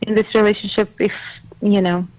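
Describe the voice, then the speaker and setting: A woman's voice: medium pitch, little pitch movement, a little fast, darkish tone, muffled recording. A woman from Russia with a Russian accent, calling in as a guest and chatting in a bubbly, giggly way in slightly broken English. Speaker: guest actor on the phone. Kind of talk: casual interview. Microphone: phone call.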